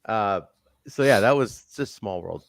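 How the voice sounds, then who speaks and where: A man hosting a casual podcast chat, animated and laughing often. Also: fairly low pitch, unhurried, creaky, dry recording, clean studio sound. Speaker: podcast host.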